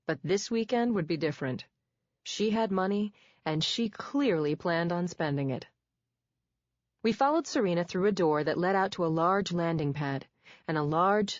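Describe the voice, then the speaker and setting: Woman narrator, low voice, wry and measured first-person read; dull, dry studio sound. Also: no echo. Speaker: audiobook narrator.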